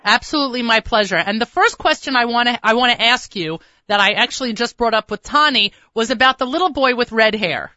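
Effusive woman radio host, bright forceful voice, dry slightly dull lo-fi sound. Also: fairly high pitch, animated, a little fast, hardly any pauses, no echo. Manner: effusive, enthusiastic. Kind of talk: radio interview.

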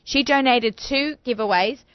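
A woman's voice: a little high, a little slow, clean tone, no echo, dull audio. A woman hosting a radio talk show in a studio, chatty and bubbly, talking with lots of fillers.

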